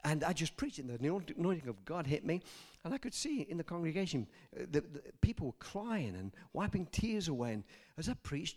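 An older man preaching a sermon, telling personal stories and swinging from soft asides to loud emphasis. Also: on the high side, sing-song, brisk, hardly any pauses.

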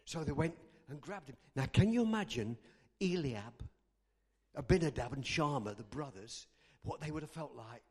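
A man's voice: medium pitch, normal speed, husky. A man preaching a sermon, telling a story and acting out the characters' lines. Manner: animated, acts out characters' lines. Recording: long hall reverb.

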